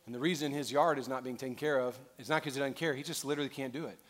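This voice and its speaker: A man's voice: mid-range voice, fairly even intonation, very fast, fairly bright tone. A male pastor preaching a sermon, telling a story with earnestness and building to a fervent call to action. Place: large church auditorium. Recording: long reverb in a large hall.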